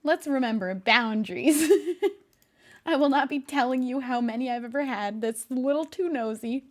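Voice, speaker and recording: A woman's voice: high voice, normal speed. A woman streamer chatting casually with her live viewers, laughing often and talking to her cat between thoughts.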